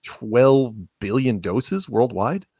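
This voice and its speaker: A man's voice: mid-range voice, lively intonation, slow, dark tone, no echo, studio quality. A man talking as a podcast guest in a rambling way, full of restarts and sarcastic asides. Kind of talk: casual chat.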